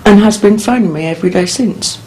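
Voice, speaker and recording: A woman's voice: medium pitch, a little fast, a little hiss or hum, poor audio. A woman speaking bluntly and candidly to a documentary maker, swearing freely. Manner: blunt, swearing, animated retelling. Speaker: documentary subject. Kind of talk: candid interview.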